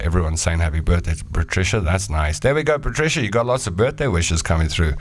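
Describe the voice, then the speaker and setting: A man's voice: deep voice, brisk, few pauses. A man with a South African accent hosting a casual live show. He reads viewer comments and rambles into jokey stories. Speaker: show host. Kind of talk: casual livestream chat reading viewer comments.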